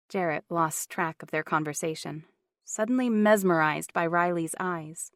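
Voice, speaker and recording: Narrating a romance audiobook from a script, a woman keeps her storytelling calm and even at a normal speed. Her voice leans low, and the clean studio recording carries no room sound.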